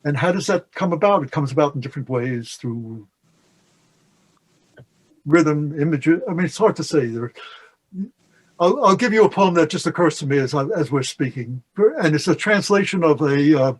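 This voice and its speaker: An older man, a guest poet, chatting on a video call, halting with many restarts and slowing down to read poems aloud. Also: a little high, expressive, slightly rough, poor audio. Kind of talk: casual discussion with poetry readings.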